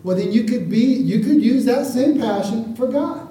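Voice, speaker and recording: High-voiced preacher in an echoey room. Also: male voice, animated, moderate pace, dark tone. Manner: conversational, keeps asking the congregation for an amen. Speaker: pastor. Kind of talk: sermon. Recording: echoey room, voice from far off the mic.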